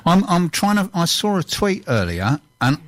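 A man's voice: a little high, big pitch swings, no room sound. A man co-hosting a local radio show, chatting in an easygoing way and reading out announcements. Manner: easygoing, quick agreeing interjections. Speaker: radio co-host. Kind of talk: casual radio chat.

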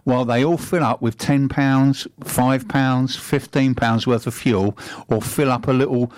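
A man's voice: medium pitch, fairly even intonation, measured pace, a little mellow, dry recording, studio quality. A man, middle-aged, co-hosting a radio chat with an emphatic, argumentative, lecturing manner. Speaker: radio co-host.

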